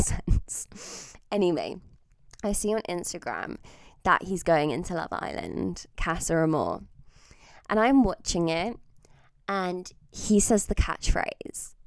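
A young woman hosting a podcast, telling stories in an animated, sweary way and laughing mid-sentence. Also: fairly low pitch, dry recording. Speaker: podcast host. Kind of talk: casual storytelling monologue.

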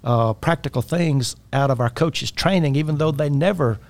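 A man's voice: fairly high pitch, moderate pace, no room sound. A man talking as a life coach about faith and personal responsibility, earnest and exhorting. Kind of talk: faith-based coaching talk.

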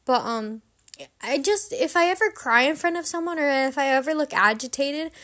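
A woman's voice: sits high, moderate pace. A young woman hosting a podcast, rambling through a personal story in a casual, self-deprecating way. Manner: rambling, self-deprecating, animated when quoting herself.

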